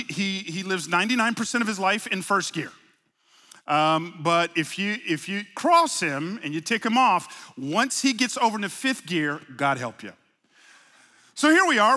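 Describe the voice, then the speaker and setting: A middle-aged man preaching in a high, ringing voice that carries a lot of edge and brightness. He talks through his sermon like a story, punching key words loudly, then dropping to hushed, low asides. The sound is a live recording with long reverb trailing off the walls of a large sanctuary. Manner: conversational preaching with anecdotes, swings from loud emphasis to low asides. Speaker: pastor.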